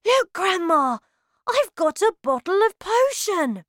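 A woman's voice: fairly high pitch, sing-song, takes it slowly, fairly bright tone, no room sound, clean studio sound, voice pushed up, exaggerated voice. Woman doing an eager mouse-boy. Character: excited young boy turned into a mouse.

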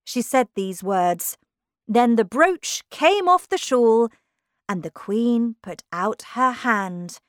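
A woman's voice: a little high, lively intonation, slow, no room sound, clean studio sound. A woman narrating a children's storybook aloud. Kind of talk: storybook reading.

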